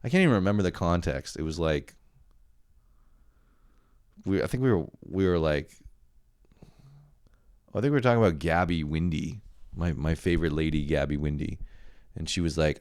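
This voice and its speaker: A man's voice: low-pitched, moderate pace, pauses often, darkish tone, no echo, clean studio sound. A young man hosting a solo podcast, rambling and swearing with self-mocking laughs. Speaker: podcast host. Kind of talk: solo comedic podcast rant.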